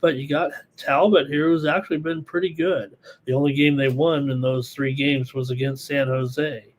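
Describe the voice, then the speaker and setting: A hoarse man hosting a live sports betting show, thinking aloud through picks in a rambling, casual way. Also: on the high side, steady tone, moderate pace. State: hoarse, losing his voice.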